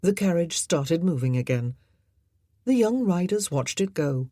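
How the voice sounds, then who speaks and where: Woman audiobook narrator, low and husky, expressive, dry close recording. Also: measured pace, no echo.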